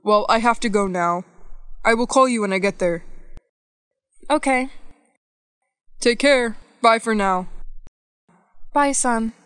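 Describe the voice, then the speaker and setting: Casting: woman, fairly high voice, slow scripted reading of learner dialogues. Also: a bit bright, clean tone, no echo. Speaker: English lesson narrator.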